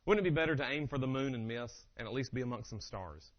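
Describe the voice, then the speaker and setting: A man giving a humorous motivational keynote, telling family stories in an animated way and acting out the dialogue. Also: medium pitch, quick pace. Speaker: keynote speaker. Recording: dull lo-fi live recording.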